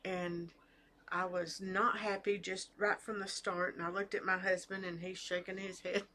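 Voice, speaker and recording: A woman's voice: fairly low pitch, flat delivery, moderate pace, bright, forceful tone, a little hiss or hum. A middle-aged woman chatting casually to camera about her knitting, hesitant, with fillers and restarts. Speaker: knitting vlogger. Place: home with family talking in the background.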